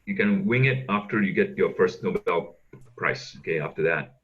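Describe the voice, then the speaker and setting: An emphatic man coaching on a video call, his voice sitting on the low side. He repeats words to push a point home. The sound is dull and lo-fi. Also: animated, normal speed, fairly bright tone. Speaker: speaker trainer.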